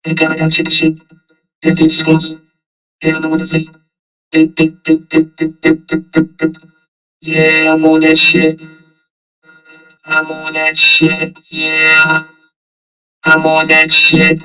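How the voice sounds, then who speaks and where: A man using a voice changer as a gravelly, goading voice, repeating taunts at listeners. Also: on the high side, monotone, a little slow, long pauses, pitched above the performer's own voice, low-quality recording. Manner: goading, repetitive. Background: music.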